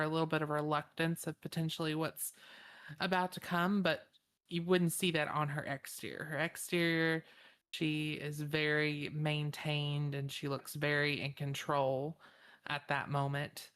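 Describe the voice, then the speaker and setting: Woman player describing her character, low flat voice, slow and hesitant. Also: clear, resonant tone. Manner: hesitant, many fillers and restarts.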